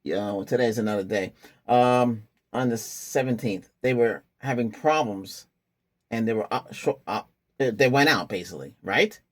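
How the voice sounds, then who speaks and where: A man with a husky, mid-pitched voice hosts his tech channel. He talks in a loose, rambling way, restarting sentences and chuckling to himself. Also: normal speed. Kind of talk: casual rambling vlog talk.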